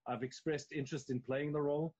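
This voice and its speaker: A man's voice: on the high side, steady tone, fast talker, a little mellow, slightly rough. South African man, dull stream audio. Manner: loose and conversational, with many restarts. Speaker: actor guest. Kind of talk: casual interview chat.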